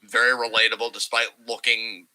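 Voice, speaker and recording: A young man co-hosting a wrestling podcast, talking casually and profanely and slipping into quick impressions of wrestlers. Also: mid-range voice, flat delivery, sharp tone, poor audio. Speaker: podcast co-host.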